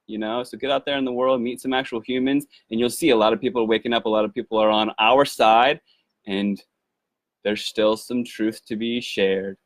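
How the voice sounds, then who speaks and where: A man's voice: mid-range voice, fairly even intonation, normal speed, dry recording. A man telling a rambling, enthusiastic personal story to his viewers, with many restarts. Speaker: activist video maker. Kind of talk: casual storytelling to camera.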